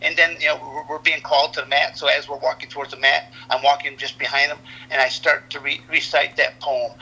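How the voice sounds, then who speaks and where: A man's voice: on the high side, level tone, brisk, vocal fry, sharp tone, breathy edge, lo-fi sound. A man in his sixties from the United States, a retired wrestler telling long rambling stories in a casual interview, often repeating words and restarting sentences. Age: 60s.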